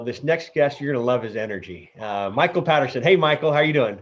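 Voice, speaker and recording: A man's voice: medium pitch, lo-fi sound. Chatty male host full of fillers. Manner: chatty, halting with many fillers. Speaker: podcast host. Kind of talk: casual interview hosting.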